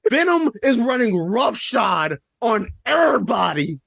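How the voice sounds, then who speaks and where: A man co-hosting a podcast, chatting casually about a movie in an animated, slangy way. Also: very high-pitched, unhurried, vocal fry, no room sound, studio quality. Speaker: podcast co-host. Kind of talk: casual movie review chat.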